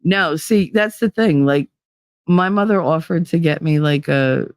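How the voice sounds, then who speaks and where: A woman's voice: deep voice, measured pace, a little mellow, dry recording, clean studio sound. A woman in her fifties hosting a casual livestream chat, blunt and swearing freely, greeting viewers with pet names. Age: 50s. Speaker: livestream host. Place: home.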